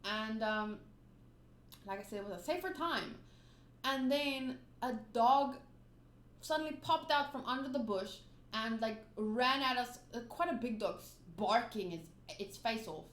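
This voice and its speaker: A woman's voice: fairly high pitch, lively intonation, measured pace. Chatty woman, roomy sound. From South Africa. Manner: chatty, rambling, many fillers and restarts. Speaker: manga reader and channel host. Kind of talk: casual manga readthrough with anecdotes. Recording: roomy, with faint noise.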